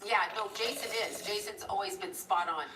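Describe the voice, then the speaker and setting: Chatty and digressive, a middle-aged livestream host wanders through a long story, pausing to thank her viewers. She talks at a normal speed in a medium-pitched voice, and the echoey room, her distance from the mic, and background noise are all audible.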